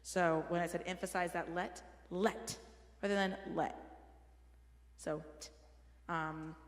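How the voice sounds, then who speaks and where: A woman with a lowish, fairly steady voice speaks a little slowly as she leads a church choir rehearsal. As choir director in the sanctuary, she offers relaxed, encouraging pointers on diction and dynamics. The hall sounds roomy, with music playing behind her.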